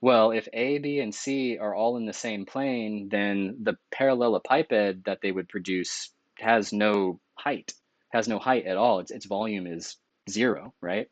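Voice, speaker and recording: A man with a low voice walks through a math lecture in an easygoing, conversational way, sometimes stopping to correct himself. The sound is dry and close, with no room echo. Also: measured pace. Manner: relaxed and conversational, with small self-corrections.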